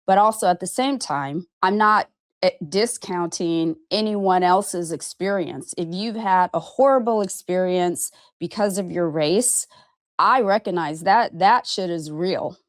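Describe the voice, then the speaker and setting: A woman's voice: on the low side, a little slow, dry recording, studio quality. A woman in her fifties from Arizona who talks frankly and emphatically to camera about her own life, with casual swearing and a repeated "okay?". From Arizona, USA. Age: 50s. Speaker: vlogger and podcast host. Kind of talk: candid personal monologue to camera.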